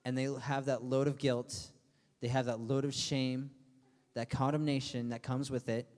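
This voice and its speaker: A man's voice: medium pitch, little pitch movement, normal speed, a little mellow. A young man preaching to a youth group as their pastor, talking casually with lots of fillers and playful asides. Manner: casual and chatty, full of fillers, acting out friends' voices for laughs. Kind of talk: youth sermon. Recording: long hall reverb.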